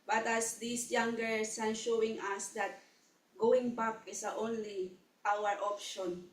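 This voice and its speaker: A woman preaching a sermon in a church hall, earnest and halting, often repeating words as she goes. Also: fairly high pitch, little pitch movement. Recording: echoey hall, mic from a distance.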